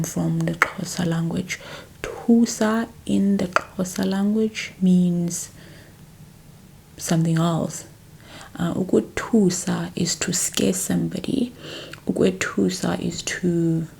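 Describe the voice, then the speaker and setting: A young woman teaches in a hushed ASMR whisper, lingering over each repeated word at an unhurried pace. Her low voice carries a gravelly fry. A faint hiss sits under the quiet home recording. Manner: whispered, soft and slow, repeating words.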